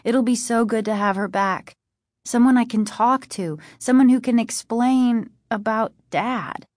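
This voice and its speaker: A woman voicing an eager, emotional young girl in a storybook reading, with her voice lifted higher. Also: a little slow, a little mellow, no echo, studio quality, close to an everyday voice.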